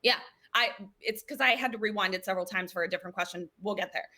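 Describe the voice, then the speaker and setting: A woman hosting a comedic livestream who recaps a horror episode as an animated, giggly storyteller and quizzes her guests. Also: mid-range voice, fast talker. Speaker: host running a horror story game.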